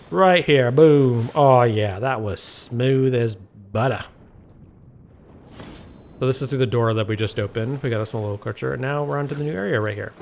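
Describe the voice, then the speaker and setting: Guy rambling through a game walkthrough, wry asides, mid-pitched voice, faint hum behind. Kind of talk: casual gameplay commentary.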